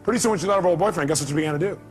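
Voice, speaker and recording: A man giving a motivational talk, animated, asking the audience questions and acting out other people's voices. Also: very fast, faint music behind. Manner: animated, acts out callers in a high voice, asks the audience questions. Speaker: motivational speaker.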